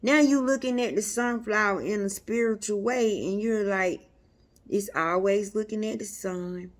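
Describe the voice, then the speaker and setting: A woman delivers an unscripted spiritual teaching in a mid-range, steady voice, speaking a little slowly. Addressing her listeners in a repetitive, preacherly way, she sometimes drops to a hushed near-whisper.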